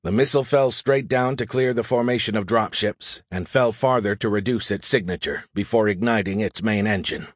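A man narrating a military sci-fi audiobook in a steady, vivid storytelling manner. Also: on the low side, moderate pace, few pauses, no room sound, studio quality. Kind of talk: scripted narration.

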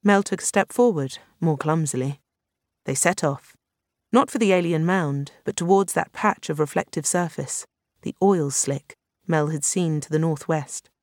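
A steady audiobook narrator reading a science fiction novel. The delivery is even and unhurried, at a middle pitch. The recording is dry and close, with no room sound. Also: dry recording.

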